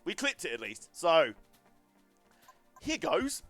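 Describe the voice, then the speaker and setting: A man's voice: sits high, wildly swooping pitch, slow, fairly bright tone, no echo, soft background music. A man chatting casually and self-deprecatingly as he live-streams a racing game, wandering into side stories.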